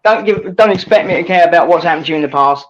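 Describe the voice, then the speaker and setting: A man's voice: a little high, fast talker. A man in a heated live-stream voice chat, blunt and combative, swearing often. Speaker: stream regular in a voice-chat argument. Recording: dull lo-fi mic with noise.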